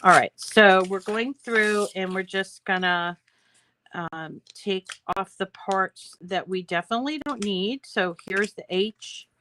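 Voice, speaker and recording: A woman's voice: mid-range voice, fairly bright tone, slight background noise, low-quality recording. An older woman hosting a crafting video, chatting in a rambling, self-deprecating way while she works. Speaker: crafting channel host. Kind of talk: casual crafting tutorial chat.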